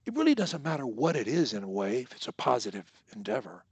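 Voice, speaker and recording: A man's voice: medium pitch, sing-song, fast talker, darkish tone, slightly rough, dry recording. A man coaching a student one-on-one over a video call, emphatic and fond of repeating his key points. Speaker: speech coach.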